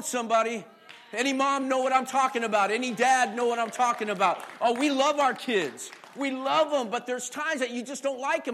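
A middle-aged male pastor preaching a sermon, swinging from shouting to near-quiet storytelling and calling on the congregation with questions. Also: extremely high pitch, normal speed.

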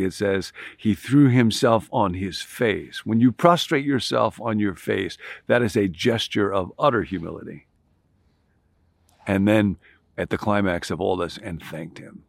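A man's voice: lowish voice, normal speed, no room sound, clean studio sound. A man preaching a sermon, building his points through emphatic repetition. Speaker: pastor.

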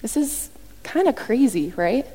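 Woman preacher, animated and chatty, a touch high-pitched, long hall reverb. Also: measured pace, breathy edge. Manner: animated, conversational, acts out quotes. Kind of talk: sermon.

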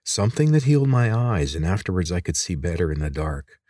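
A man's voice: low-pitched, big pitch swings, brisk, dark tone, no room sound, clean studio sound. A man voicing a cautious, bewildered young boy in a read-aloud story, asking earnest questions. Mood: earnest, unsure.

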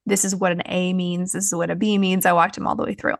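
A woman's voice: lowish voice, flat delivery, quick pace, gravelly, dry recording, clean studio sound. A woman, hosting a podcast and telling a personal story in a frank, chatty way with many fillers. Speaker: podcast host. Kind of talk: candid personal podcast talk.

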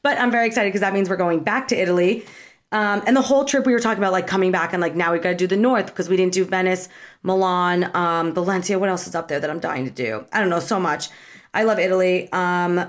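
A woman's voice: on the low side, quick pace. A young woman telling a travel story in a casual, bubbly, chatty way, acting out bits of dialogue. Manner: bubbly and chatty, lots of fillers and quoted dialogue. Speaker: vlogger.

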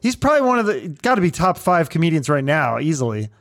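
A man's voice: on the high side, big pitch swings, fast, fairly bright tone. A male podcast host chatting casually and asking short, easygoing questions. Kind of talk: casual interview.

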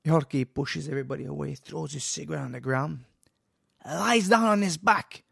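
A man telling a story in a casual interview, animated and swearing, acting out quoted lines. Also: on the high side, normal speed, gravelly, slightly rough, no echo, studio quality. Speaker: guest, jiu-jitsu school owner.

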